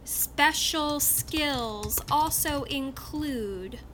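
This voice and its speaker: A woman's voice: high voice, drawn-out words, fairly bright tone, slight background noise. A woman recording a comic voice demo reel at home, muttering whispered asides between takes. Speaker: aspiring voice actor.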